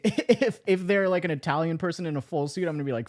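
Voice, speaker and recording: A man's voice: on the high side, fast talker, hardly any pauses, a little mellow. A man as the guest in casual chat, rambling, correcting himself and laughing a lot.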